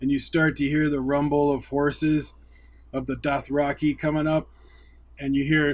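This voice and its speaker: A man hosting a casual recap of a TV episode, retelling scenes with eager excitement. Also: on the high side, measured pace. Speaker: YouTube show host.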